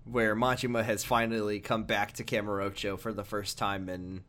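A man's voice: fairly low pitch, level tone, moderate pace, fairly bright tone. A man co-hosting a casual podcast, joking and laughing often, with plenty of fillers. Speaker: podcast co-host.

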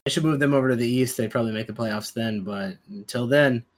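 A man's voice: medium pitch, fast. A man hosting a casual fantasy basketball podcast, laid-back and joking. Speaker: podcast host.

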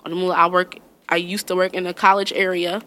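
A young woman, telling funny stories in a loose, profane, animated way and laughing often. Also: on the low side, moderate pace. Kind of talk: casual storytelling chat.

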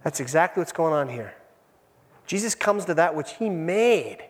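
High-voiced man preaching in an echoing church. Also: animated, moderate pace. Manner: storytelling, dramatic shifts between hushed and raised. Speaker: pastor. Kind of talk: sermon. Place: church sanctuary. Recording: long church reverb.

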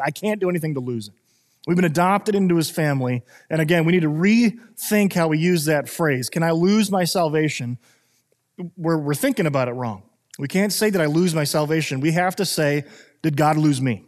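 A male pastor preaching a sermon in an earnest way, with many fillers and restarts. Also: on the high side. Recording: long reverb of a hall.

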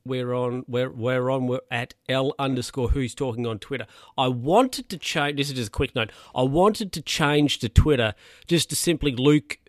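A young Australian man hosting his own podcast, talking casually in a relaxed, rambling way with lots of fillers and restarts. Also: medium pitch, moderate pace, no echo, studio quality. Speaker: podcast host. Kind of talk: casual solo podcast chat.

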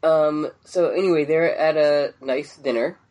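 A man's voice: on the high side, a little slow, darkish tone. A man co-hosting a podcast, chatting casually and profanely, laughing often and acting out lines from the show. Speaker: podcast co-host. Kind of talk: casual recap chat.

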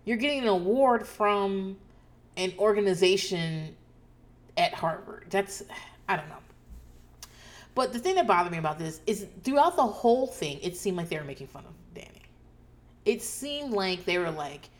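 A woman's voice: medium pitch, normal speed. A woman hosting a podcast, recapping a show in a casual rant and swearing freely. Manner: ranting, swears freely, animated asides.

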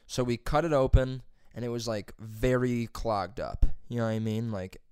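A man's voice: medium pitch, moderate pace, darkish tone, smooth, no room sound, studio quality. A young man telling a rambling, profane work story in casual chat. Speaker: plumber's helper telling a story.

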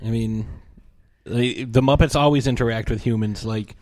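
A man's voice: mid-range voice, steady tone, moderate pace, a little mellow. A man co-hosting a podcast in casual chat, throwing in jokes. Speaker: podcast co-host.

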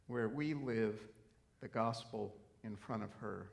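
A middle-aged man preaching a sermon, telling a story earnestly and then rising into emphatic, animated preaching. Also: fairly low pitch, slow pace, vocal fry. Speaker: pastor.

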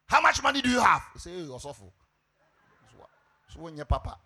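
A middle-aged Ghanaian pastor preaching a sermon, telling a story with animated delivery and shouted emphasis. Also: male voice, sits high, fairly quick.

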